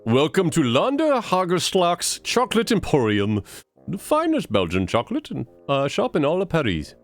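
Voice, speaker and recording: A man playing a gushing bird chocolatier in a comedy game read, voiced well above his own pitch with a put-on foreign accent. The lines swoop and flutter with excitement. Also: normal speed, faint music behind. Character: gushing male bird chocolate shop owner.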